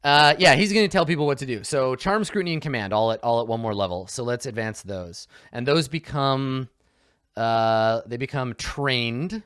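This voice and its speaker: A man casually talking through tabletop character creation, excitable, laughing and swearing freely. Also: medium pitch, moderate pace, clean tone, no room sound, studio quality. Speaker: tabletop game player.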